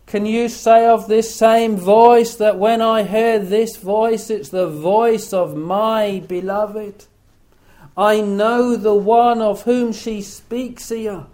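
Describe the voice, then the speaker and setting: A man reading scripture aloud and preaching on it in a solemn, deliberate way, repeating words for emphasis. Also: sits high, darkish tone. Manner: slow, solemn, repetitive emphasis.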